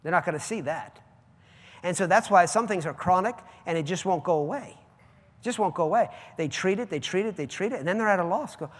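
A man preaching a sermon, swinging from hushed asides to loud, drawn-out proclamations. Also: sits high, animated, in a large hall.

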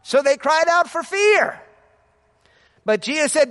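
A man preaching a sermon as pastor, fervent and building to shouts of praise. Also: extremely high pitch, animated, a little slow, long pauses.

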